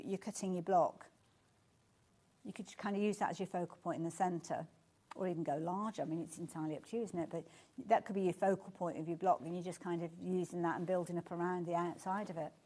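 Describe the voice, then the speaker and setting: A woman presenting a live shopping show, chatting warmly about the items and reacting to viewer comments with gushing enthusiasm. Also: lowish voice, fast talker.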